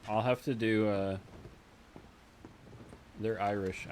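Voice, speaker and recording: A man's voice: fairly low pitch, a little slow, long pauses, slight background noise. A man streamer chatting casually with his viewers, rambling along and laughing often.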